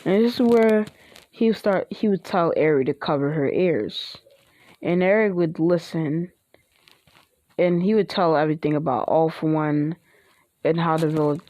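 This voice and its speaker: A woman improvises a fan-fiction story aloud, one event after another. Her voice sits fairly low and the telling is loose, full of restarts and fillers. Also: a little mellow. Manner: rambling, many restarts and fillers. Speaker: online video creator.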